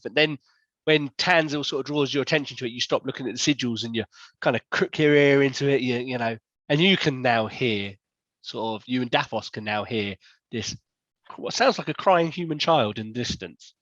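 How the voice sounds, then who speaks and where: A man's voice: medium pitch, brisk, fairly bright tone, no echo, lo-fi sound. A man narrating a tabletop game as game master, often rambling and correcting himself. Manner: rambling, self-correcting description.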